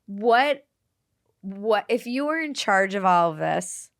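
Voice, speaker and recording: Expressive woman hosting a casual podcast. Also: mid-range voice, takes it slowly, dry recording, studio quality. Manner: expressive, swearing, quotes people in lively retellings. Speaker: podcast host.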